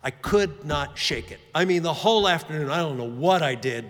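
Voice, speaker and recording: A man's voice: fairly high pitch, moderate pace. A man preaching a sermon, telling self-mocking stories with lots of fillers, in a church hall. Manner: animated, self-mocking anecdotes with many fillers. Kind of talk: storytelling sermon. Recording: long reverb of a large hall.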